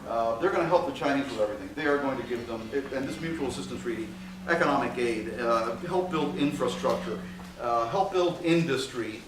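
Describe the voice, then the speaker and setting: A man's voice: mid-range voice, fairly quick. A man giving a university history lecture in a conversational way, with frequent "okay" fillers and dry sarcastic asides. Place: lecture hall. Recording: very echoey hall, far from mic, faint hiss.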